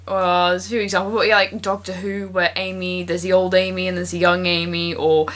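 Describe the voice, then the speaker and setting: A woman's voice: on the low side, level tone, fairly quick, a bit bright. Giggly rambling woman co-host. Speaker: guest co-host. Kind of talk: casual chat and reading aloud.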